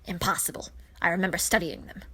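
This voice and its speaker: A woman voicing a cold, contemptuous old witch in a harsh, breathy whisper, reading a fan story aloud. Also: lowish voice, steady tone, fast talker, sharp tone, heavily acted. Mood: scornful.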